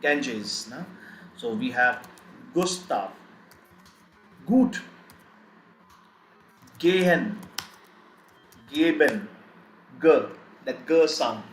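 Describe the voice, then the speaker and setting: Slow, repetitive man teaching pronunciation. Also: mid-range voice, lively intonation, slight background noise. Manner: slow, repeats each sound several times. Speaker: German teacher. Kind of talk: live online language lesson. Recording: echoey room, faint keyboard typing.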